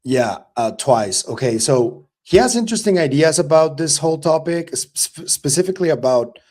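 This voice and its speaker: A man hosting a podcast, chatting in a relaxed and curious way and swearing casually. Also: fairly high pitch, normal speed. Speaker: podcast host. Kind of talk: casual chat.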